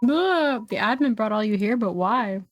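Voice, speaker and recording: A woman voicing an earnest young heroine, gentle and raised. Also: fairly high pitch, animated, normal speed. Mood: reassuring. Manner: gentle, reassuring reading voice. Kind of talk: reading game dialogue aloud.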